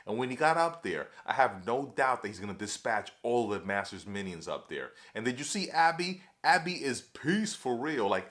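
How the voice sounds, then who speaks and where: Male TV recap host, mid-pitched, excitable and chatty, talks straight to the viewers as y'all. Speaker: TV episode reviewer. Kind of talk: casual recap chat.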